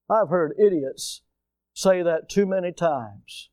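A man with a high, ringing voice preaching to his church, his delivery swinging from loud, pointed bursts to hushed asides. He fires rhetorical questions at the congregation. The sound is close and dry, with little room echo. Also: a little slow. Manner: emphatic preaching with rhetorical questions and sudden rises and drops in loudness. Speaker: pastor. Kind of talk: sermon.

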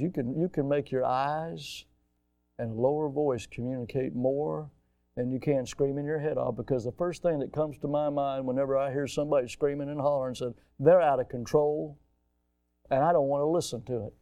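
A middle-aged man preaching a sermon in a conversational way, dropping to hushed asides and then rising into loud, shouted outbursts. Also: medium pitch, fairly even intonation, moderate pace, no room sound. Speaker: pastor.

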